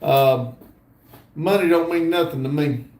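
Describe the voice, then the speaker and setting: A man's voice: on the high side, unhurried, darkish tone. An older man hosting a casual livestream, reading viewer comments aloud with lots of ums and uhs. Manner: reads viewer comments aloud with many fillers. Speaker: livestream host reading chat. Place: indoor room at a computer. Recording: echoey room.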